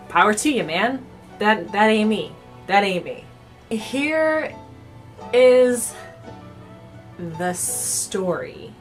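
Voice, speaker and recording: Young adult woman, cosplay vlogger, casual storytime delivery, filler-heavy, average pitch. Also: a bit bright. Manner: chatty, filler-heavy with frequent "like".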